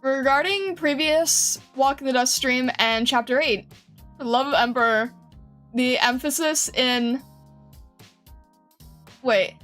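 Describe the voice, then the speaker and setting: A woman's voice: sits high, fairly bright tone. A woman streamer chatting casually with her viewers, giggling often and reading their comments aloud in a flustered way. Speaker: game streamer.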